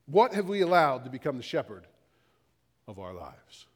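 A middle-aged male pastor preaching a sermon, repeating questions in a slow, building list and dropping low and quiet when he quotes scripture. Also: sing-song, big-room sound.

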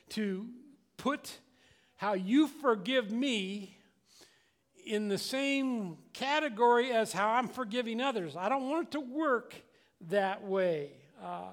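A man's voice: very high voice, expressive, takes it slowly. An older man preaching a conversational sermon as a pastor, earnest and plainspoken, often restarting and repeating words.

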